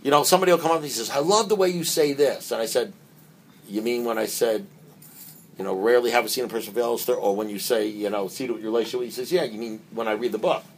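An older man speaking at a recovery meeting, talking conversationally, repeating his words and moving between quiet asides and emphatic points. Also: fairly low pitch, quick pace, a little hiss or hum.

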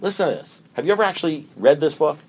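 A man giving a speaker talk at a recovery meeting, emphatic and preacher-like, with many rhetorical questions and swings between loud and hushed delivery. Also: fairly high pitch, expressive, fast talker, breathy edge.

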